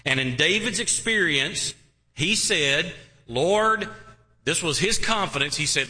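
A man's voice: fairly high pitch, animated, sharp tone. A male pastor preaching a sermon to his church, drawing out words and asking the congregation questions. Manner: emphatic, drawn-out preaching with rhetorical questions. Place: church sanctuary. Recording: reverberant church hall.

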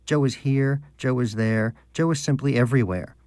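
A man's voice: medium pitch, normal speed, darkish tone, no echo, lightly acted. A man doing a preachy pompous hamster. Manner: preachy, lofty and condescending. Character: pompous devout male pet hamster preacher. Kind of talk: audiobook character voice.

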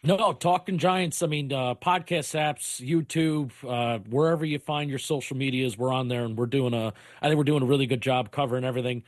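A man, a guest, plugging his own podcast in a relaxed way, with many pauses. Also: medium pitch, no echo, studio quality. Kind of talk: casual plug for his show.

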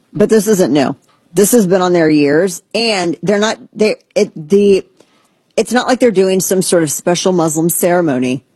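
Husky woman host, sarcastic rant, swoops up into mocking voices, dry close mic. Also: a little mellow, no room sound. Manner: sarcastic, ranting, mocks others in squeaky voices. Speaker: podcast host. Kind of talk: casual opinionated commentary.

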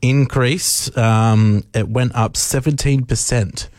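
A man, a newsroom reporter explaining figures in a casual radio chat, measured with frequent ums. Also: mid-range voice, fairly even intonation, darkish tone, no echo, studio quality.

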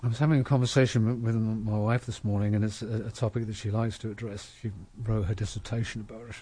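A man hosting an interview, asking questions in a relaxed, gentle, unhurried way. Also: lowish voice, breathy edge. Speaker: interview host. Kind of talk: conversational interview.

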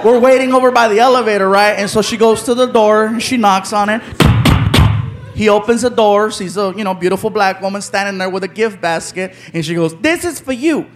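A man telling a stand-up story on stage, animated and shouting out characters' lines, with an audience laughing behind him. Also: high-pitched, a little fast. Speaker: stand-up comedian. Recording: live stage with crowd noise.

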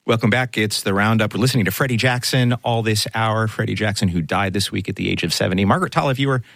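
A man's voice: fairly low pitch, fast, gravelly, fairly bright tone, no echo. A man hosting a news roundup on a radio talk show, bantering with jokes.

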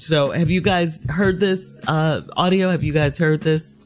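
A man's voice: on the high side, fairly even intonation, unhurried, hardly any pauses. A man hosting a panel talk show, reading a sponsor spot and then chatting casually with his co-hosts. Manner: reads a sponsor spot then chats loosely.

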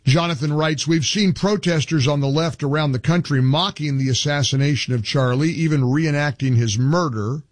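A man's voice: on the high side, normal speed, few pauses, no echo. A male talk show host giving emphatic opinion commentary, reading from articles and building into indignant outbursts.

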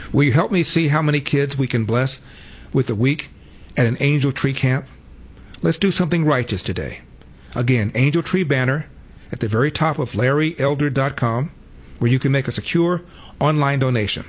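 A man's voice: mid-range voice, breathy edge. A man hosting a talk radio show, blunt and sarcastic in his commentary. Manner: blunt, sarcastic, mocking imitations.

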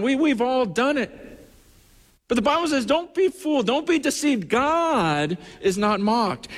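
A man's voice: high voice, gravelly. A man preaching a sermon as pastor, emphatic, with repeated restarts and acted-out quotes, recorded in a church hall. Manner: emphatic, repetitive restarts, acts out quoted voices. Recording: long reverb from a hall.

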